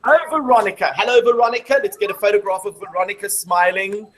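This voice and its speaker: A woman's voice: medium pitch, steady tone, fast talker, rough recording. A woman presenting a live maths show to a classroom of children, explaining step by step and quizzing the class as she goes.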